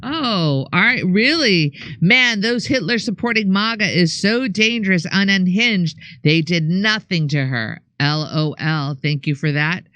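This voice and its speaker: A male co-host reads viewer comments aloud in a quick, upbeat manner. His voice is high and bright with a forward edge. The sound is dry and close, with no echo. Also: animated.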